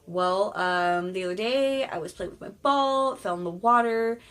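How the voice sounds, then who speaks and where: A woman's voice: medium pitch, normal speed, a bit bright, close to an everyday voice. Woman as a flustered young princess. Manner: hesitant, flustered casual talk. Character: reluctant young princess, upset.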